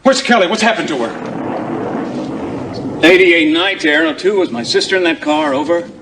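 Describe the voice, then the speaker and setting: An actor playing a desperate sibling who speaks in an anguished, pleading way. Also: male voice, fairly high pitch, big pitch swings, normal speed, background noise. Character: desperate adult sibling fearing for a sister.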